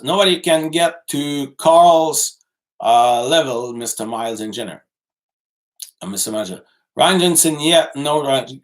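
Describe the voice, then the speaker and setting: A man with a mid-range voice replies to his livestream chat in English that is not his first language. He talks in a casual, halting way, stopping often to restart and fill gaps with "uh". His delivery is loose and unscripted. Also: mid-range voice. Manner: halting, many restarts and fillers.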